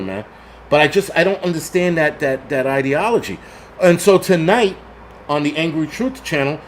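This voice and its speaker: A man's voice: fairly high pitch, slight background noise. Angry swearing man ranting on stream. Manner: angry, swearing, reads chat; swings between shouting and muttering. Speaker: livestream host. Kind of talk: profane live-stream rant.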